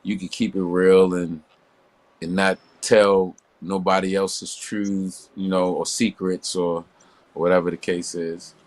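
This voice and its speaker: A middle-aged male R&B singer in a relaxed, repetitive interview chat, laughing as he talks. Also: low-pitched, measured pace. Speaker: R&B singer guest.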